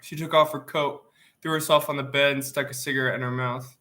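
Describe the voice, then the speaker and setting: A man reads a novel aloud in plain, steady first-person narration. His voice is bright and clear-toned, though sniffly from allergies. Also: medium pitch, a little fast. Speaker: audiobook reader.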